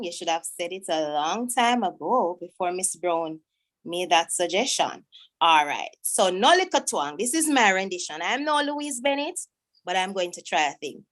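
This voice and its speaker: A woman's voice: mid-range voice, fairly bright tone. A woman, a teacher chatting to pupils in a self-deprecating way while she searches for a poem. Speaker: teacher hosting a school event. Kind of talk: casual talk to pupils online.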